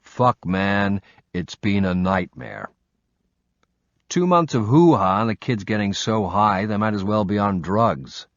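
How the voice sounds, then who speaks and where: A man's voice: lowish voice, sing-song, measured pace, no echo. A man voicing a frazzled male ex-soldier and single father who complains and swears, on slightly muffled audio. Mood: exasperated. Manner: exasperated, swearing.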